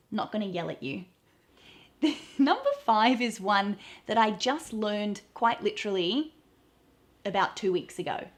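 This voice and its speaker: A woman's voice: mid-range voice, a bit bright. A woman from Australia with an Australian accent, explaining slang phrases in a playful, cheerful way and acting out examples. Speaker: accent coach.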